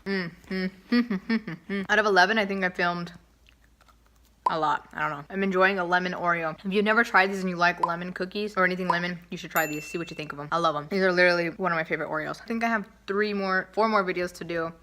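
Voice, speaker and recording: A young woman talks quickly into the camera from home, rambling through her plans in a loose, repetitive way. Her voice sits a little low for a woman. It is a casual home vlog with no script. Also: fairly even intonation, bright, forceful tone. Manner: chatty and repetitive, self-talk to camera. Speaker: vlogger.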